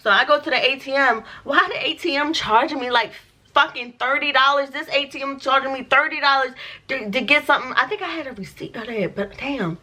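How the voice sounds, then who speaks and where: A young woman telling a storytime vlog, animated and profane, acting out what people said in slang. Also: high voice, brisk. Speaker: vlogger.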